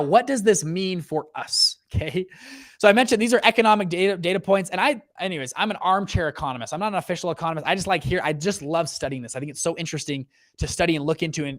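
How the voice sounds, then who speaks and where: Young man, energetic host, casual livestream talk, fillers and restarts, slightly high voice, dry close sound. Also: dry recording. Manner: energetic, lots of fillers and okays. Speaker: fund manager and show host.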